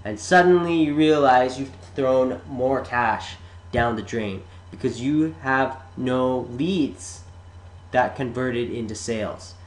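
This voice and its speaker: A man narrating a sales pitch in a chatty, sarcastic way, talking straight to the listener. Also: slow pace. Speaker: marketing presenter. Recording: roomy echo.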